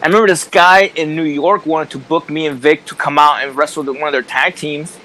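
A man telling a wrestling backstage story in casual chat, animated and profane, acting out the quoted people and laughing along. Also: on the high side, fairly quick, low-quality recording. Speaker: podcast co-host, former wrestler.

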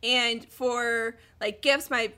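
A young woman in her twenties tells stories in a casual chat, lively and animated, laughing between lines. Her voice is bright and a little high. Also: slow, clean tone. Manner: animated storytelling with laughter and acted quotes. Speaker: guest storyteller.

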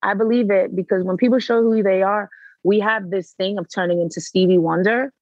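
Woman guest, animated and emphatic, muffled dry audio. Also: medium pitch, brisk, no room sound. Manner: animated, emphatic storytelling with repeated phrases. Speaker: podcast guest. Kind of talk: casual interview chat.

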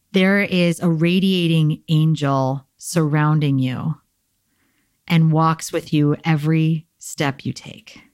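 Young woman host, low voice, candid chatty spiritual talk with fillers, dry close sound. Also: dry recording. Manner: candid, conversational, uses filler "like" and "um". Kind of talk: casual spiritual self-help talk.

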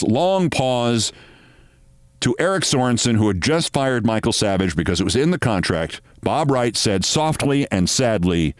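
A man's voice: medium pitch, big pitch swings, measured pace, dry recording. A man hosting a podcast, delivering scripted political commentary in a sardonic, emphatic storytelling manner. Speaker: podcast host.

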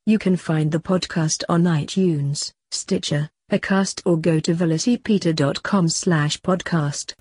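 A speaker reading the podcast outro in a plain, even way. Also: medium pitch, a little slow, few pauses, husky, no room sound, studio quality. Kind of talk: read outro.

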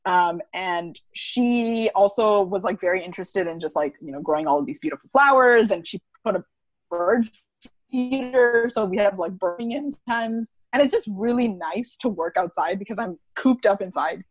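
A bubbly young woman from Canada talks casually as a guest, with lots of fillers and easy laughter. Her pitch sits in the middle for a woman. The sound is dry and close, with no room around it. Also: normal speed, no echo. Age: young adult. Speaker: podcast guest. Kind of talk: casual chat.

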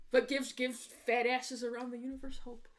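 A woman with a fairly high voice co-hosts a laid-back movie podcast. She jokes and swears freely as she chats about films. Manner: profane, lively, quick to joke. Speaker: podcast co-host. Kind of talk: casual movie review chat.

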